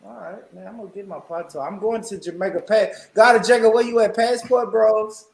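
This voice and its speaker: A man hosting a casual group chat, animated and laughing, repeating phrases as he goes. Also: high-pitched, brisk, gravelly, crowd noise, poor audio. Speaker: host.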